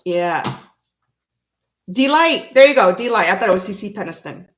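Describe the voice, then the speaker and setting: A woman hosting a tarot reading from home, chatting casually and rambling, who breaks into snippets of old songs and talks softly to her cat. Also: mid-range voice, expressive, normal speed. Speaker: tarot reader and channel host. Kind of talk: casual chat on a live reading.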